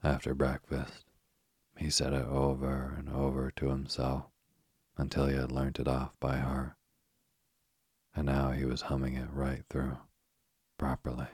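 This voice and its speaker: A man reading a children's storybook aloud as narrator, calm and unhurried. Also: very deep voice, breathy edge, no room sound, clean studio sound.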